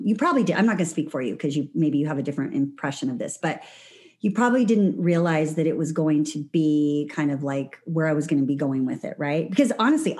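Woman podcast host chatting with an old friend, kinda low voice, lots of ums and restarts. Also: a little mellow. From Southern California. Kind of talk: casual podcast conversation.

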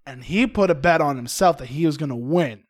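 A man's voice: fairly high pitch, fairly quick. A man co-hosting a podcast, animatedly recapping a film in casual chat. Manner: animated storytelling with playful impressions. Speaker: podcast co-host.

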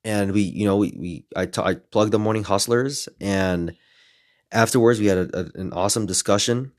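A man in his twenties, a podcast host telling a story in casual, lively style, adding some playful swearing. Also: on the low side, normal speed. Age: 20s.

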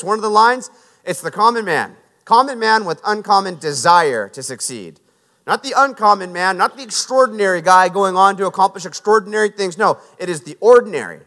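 Man giving an earnest storytelling sermon, high bright voice, long hall echo. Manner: earnest, conversational storytelling with restarts. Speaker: preacher and former Navy SEAL. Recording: echoey hall with long reverb.

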